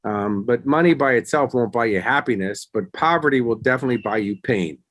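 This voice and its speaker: A man's voice: medium pitch, brisk, dry recording. Man in his 50s, interview guest, acts out the quotes in his stories, dead dry sound. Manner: animated storyteller acting out quotes. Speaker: guest, actor and success coach. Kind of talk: casual interview storytelling.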